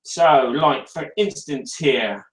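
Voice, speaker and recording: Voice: mid-range voice, slow pace, roomy sound. A speaker, hosting a casual live board game review and joking with viewers while demonstrating. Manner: chatty and jokey, talking to viewers while demonstrating.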